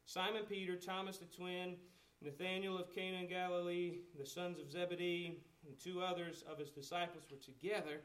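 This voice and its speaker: A high-voiced man preaches in a relaxed, conversational way. He asks the listeners questions and acts out the lines of the people in the story. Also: normal speed. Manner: conversational preaching with rhetorical questions, acting out quotes. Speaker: pastor. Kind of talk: sermon.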